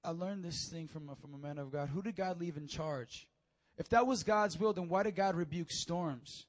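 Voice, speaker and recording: A young male preacher with a high, light voice delivers an emotional sermon. He tells stories, and his voice climbs and swells to near shouting at the peaks, then drops back to a quieter, reflective tone. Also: a little fast.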